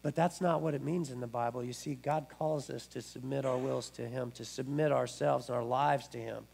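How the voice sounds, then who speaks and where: Gravelly male pastor preaching. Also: mid-range voice, a little mellow. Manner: conversational preaching with frequent restarts. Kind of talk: sermon.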